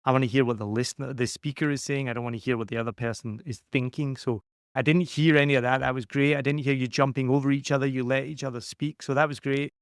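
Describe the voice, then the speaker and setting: Man, podcast coach, energetic, smooth clear voice, mid pitch, dry close mic. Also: fast talker, no echo. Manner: energetic, acts out quotes in livelier voices. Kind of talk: conversational podcast audit.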